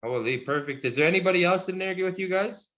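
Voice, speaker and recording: A man teaching a Cree language class over a video call, friendly and encouraging, chuckling often and slowing down to model each word. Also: high-pitched, a bit bright. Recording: dull lo-fi video call audio.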